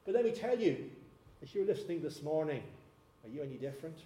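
A man's voice: high-pitched, expressive, a little fast, mellow, reverberant. A man preaching a sermon in a church, earnest and often repeating words as he searches for the phrase. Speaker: pastor.

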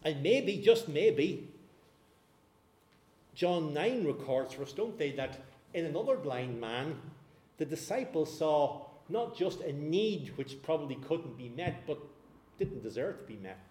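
A man preaching a sermon, telling a scripture story in an animated way. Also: fairly high pitch, measured pace, roomy sound.

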